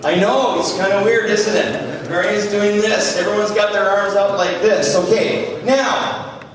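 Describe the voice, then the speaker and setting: A man teaching hockey skating to a live audience, animated and jokey as he demonstrates moves. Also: high-pitched, unhurried, crowd noise. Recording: echoey hall, distant mic.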